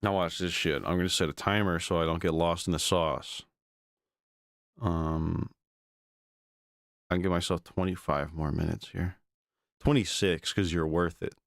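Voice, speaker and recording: Deep-voiced man, sarcastic stream commentary. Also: steady tone, unhurried, long pauses, no echo, clean studio sound. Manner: sarcastic, swears freely. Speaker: streamer reacting to videos. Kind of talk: casual profane reaction commentary.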